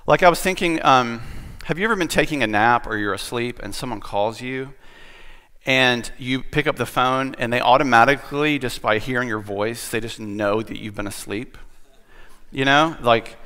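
A man's voice: medium pitch, normal speed, bright, forceful tone, clean tone. A man preaching as a pastor in a casual, conversational sermon, chatty and self-deprecating, with lots of fillers and restarts. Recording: long hall reverb.

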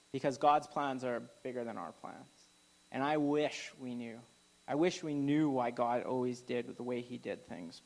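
Man, pastor, sermon, conversational, fillers and restarts, middle pitch. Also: creaky, poor audio.

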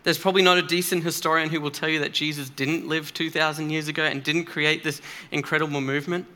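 A man's voice: on the high side, little pitch movement, quick pace, pushed and bright. A man preaching a sermon in a church, earnest and emphatic, speaking conversationally with occasional fillers.

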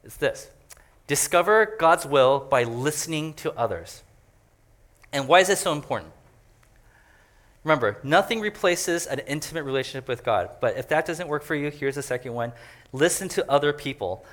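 A man's voice: fairly high pitch, expressive, moderate pace, a bit bright. A man preaching a conversational sermon as a pastor, joking and chatty as he explains a passage. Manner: joking and chatty, laughs often.

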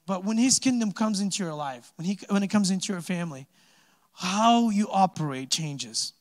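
A man's voice: sits high, animated, normal speed. A man giving a casual, chatty sermon, asking the congregation questions and joking between points. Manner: chatty, joking asides with laughs, rhetorical questions. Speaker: pastor. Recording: long hall reverb.

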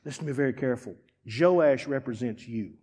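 A man preaching a sermon as pastor, dramatic, dropping to a hush and then rising to shouts. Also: medium pitch, fairly quick, breathy edge, big-room sound. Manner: dramatic, swings from hushed to shouting.

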